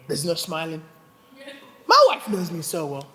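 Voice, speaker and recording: The room sound is big, and the man's voice is on the high side and unhurried. He's a pastor in a church hall, preaching with an animated personal story full of humor, imitating others' voices and laughing a lot.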